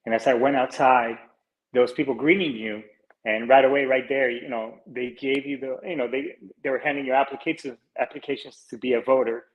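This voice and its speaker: A man's voice: mid-range voice, fairly even intonation, a little fast, muffled recording. A Colombian-born man in his forties hosting a podcast, talking earnestly in a rambling, casual way, with lots of fillers, restarts and casual swearing. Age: 40s. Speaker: podcast host.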